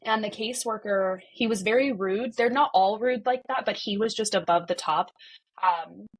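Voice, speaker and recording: A woman's voice: mid-range voice, normal speed, husky. A woman in her thirties, a podcast guest, retelling a personal story with many "like" fillers and acted-out dialogue.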